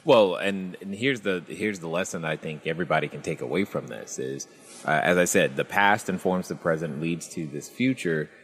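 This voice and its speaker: Low-voiced male podcast host. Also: normal speed, a bit bright, in a large hall. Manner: encouraging, sums up lessons for listeners. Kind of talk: interview hosting.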